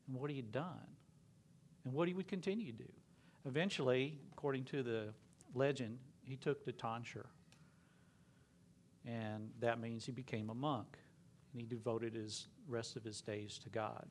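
A man preaching a sermon, telling a story earnestly and sometimes dropping to a hush. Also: mid-range voice, steady tone, normal speed, pauses often, slight background noise. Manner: earnest, dropping to a hushed whisper at emotional moments.

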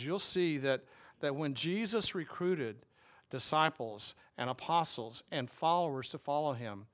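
A man preaching a sermon in a slightly higher voice than most men. He talks in a wry, conversational way, often turning to his listeners with a question. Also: fairly bright tone. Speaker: pastor.

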